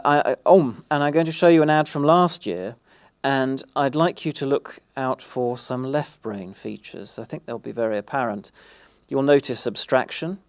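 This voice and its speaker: A man presenting at an industry event in a gravelly mid-pitched voice, recorded dry and close. He pauses and restarts often as he walks through his points. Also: a little mellow, no room sound. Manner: halting, many fillers and restarts. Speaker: conference speaker. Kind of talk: presentation talk.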